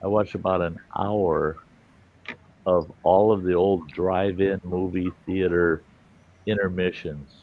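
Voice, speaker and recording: A man's voice: sits low, steady tone, slow. A man hosting a casual livestream chat, telling rambling, salty stories and acting out quotes. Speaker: host. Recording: dull lo-fi stream audio with faint hiss.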